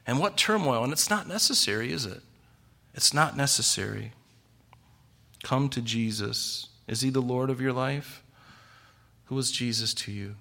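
A man preaching an expository sermon, animated and full of rhetorical questions. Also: mid-range voice. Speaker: pastor.

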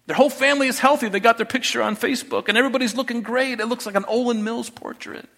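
A man's voice: very high voice, fast talker, bright, forceful tone, voice pushed up, heavily acted. A man voicing a frustrated man of faith who is envious of the wealthy, in an exasperated, complaining rant.

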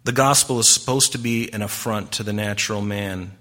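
Man, pastor, sermon, bright forceful tone, conversational, rhetorical questions. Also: fairly low pitch, a little fast. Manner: acts out quoted voices.

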